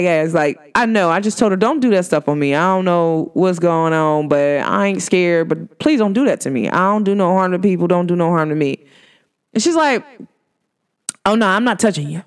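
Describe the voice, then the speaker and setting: A woman telling stories in a casual podcast monologue, speaking with slangy, animated delivery and laughing often as she acts out what people told her. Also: lowish voice. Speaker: podcast host. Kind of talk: casual spiritual storytelling monologue.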